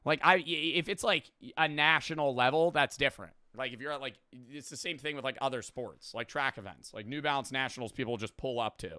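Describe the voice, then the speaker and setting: A male streamer talks through a video in loose, rambling reaction commentary, peppered with profanity. His voice is bright and crisp, recorded dry and close. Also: mid-range voice, brisk, hardly any pauses, no echo.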